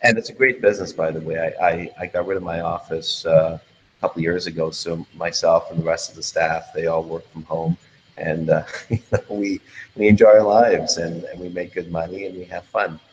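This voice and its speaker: A man answers as a guest in an interview. His voice is very deep and his delivery relaxed and halting, with repeated words. A faint noise runs underneath. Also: lo-fi sound.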